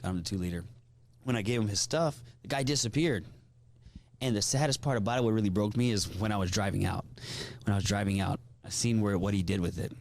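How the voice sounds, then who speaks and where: A man from Hawaii hosts a relaxed radio interview. He talks fast in a low register and runs his phrases together. He sounds heartfelt and loose. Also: a little hiss or hum. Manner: fast, emotional, repeats himself. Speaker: radio host. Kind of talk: casual interview chat.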